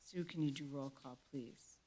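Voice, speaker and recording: A woman's voice: deep voice, moderate pace, dark tone, low-quality recording. A woman chairing a school board meeting, calling for motions and reading resolutions aloud in a businesslike way. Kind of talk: formal meeting procedure.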